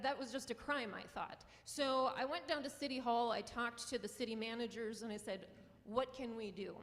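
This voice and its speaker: Impassioned North Dakota woman in a hall. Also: a little high. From Western North Dakota. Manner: earnest and impassioned, with small laughs. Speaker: journalism professor and newspaper publisher. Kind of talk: conference talk. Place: lecture hall.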